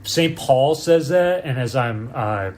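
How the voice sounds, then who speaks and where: A man, a priest co-hosting a casual podcast, who jokes and teases and cuts in with quick asides, with faint music behind him. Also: medium pitch, animated, a little mellow, a little hiss or hum. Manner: joking, teasing, interrupts with quick asides. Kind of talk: casual chat.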